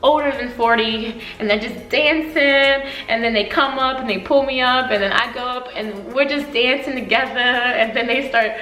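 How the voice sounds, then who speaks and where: A woman in her twenties telling a story for her vlog, animated and emotional, often laughing. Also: a little high, moderate pace, few pauses, echoey room, rough recording. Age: 20s.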